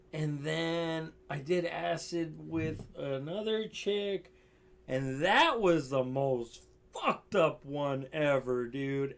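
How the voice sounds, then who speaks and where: A young man casually telling a rambling, profane story on his stream, with lots of fillers and restarts. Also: fairly high pitch.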